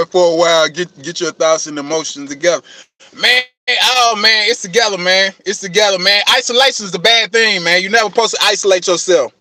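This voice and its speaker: A man's voice: sits high, brisk, sharp tone, no echo. A man in an impassioned, profane rant, repeating "man" and "you know what I'm saying" as he drives each point home. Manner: calls himself passionate, gets things off his chest.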